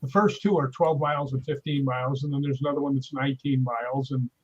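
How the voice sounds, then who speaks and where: A man's voice: mid-range voice, fast talker, slightly rough, lo-fi sound. A man telling stories in casual chat on a live stream, acting out the voices he quotes. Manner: animated storyteller, acts out quoted voices. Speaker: guest.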